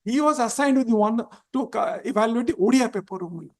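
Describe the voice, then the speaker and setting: Male advocate, high voice, halting courtroom argument, deferential to the bench. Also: darkish tone. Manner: halting, deferential, constantly repeats "my lords". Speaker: advocate arguing before a judge.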